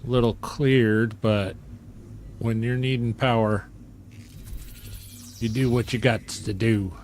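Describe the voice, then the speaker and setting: Male game streamer, unhurried delivery, chatty and joking with his chat. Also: medium pitch, steady tone, darkish tone, slight background noise. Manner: chatty and joking, chuckles often. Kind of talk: casual gameplay commentary while reading chat.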